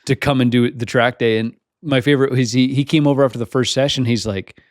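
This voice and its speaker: A man co-hosting a podcast in casual chat, easygoing and quick to laugh while retelling anecdotes. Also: medium pitch, fairly even intonation, no echo, clean studio sound. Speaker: podcast co-host.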